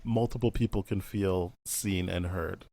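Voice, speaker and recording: A man with a low voice chats casually as a podcast host. His delivery is laid-back, with frequent drawn-out "um"s. The sound is dry and close, with no room echo. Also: steady tone, creaky, dark tone. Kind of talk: casual chat.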